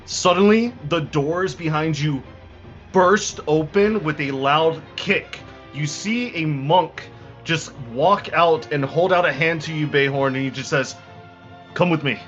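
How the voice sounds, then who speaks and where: A man's voice: on the high side, a bit bright. Man narrating a tabletop game dramatically. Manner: dramatic narration, slowing for effect, with restarts. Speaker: game master. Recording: dull lo-fi recording, faint music.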